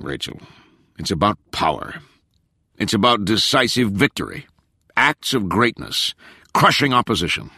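Audiobook: a man as a cold, smug middle-aged politician, low voiced, smooth and condescending. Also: bright, forceful tone, no echo, clean studio sound, heavily acted.

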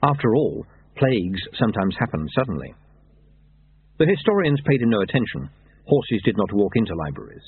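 A man reading a story aloud in a dry, measured narration, over tinny narrowband audio. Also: fairly low pitch, big pitch swings, husky.

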